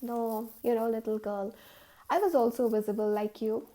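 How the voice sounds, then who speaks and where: Woman voicing a friendly ghost gentleman. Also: fairly high pitch, fairly even intonation, normal speed, natural voice. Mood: teasing. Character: invisible ghost gentleman, wistful, teasing.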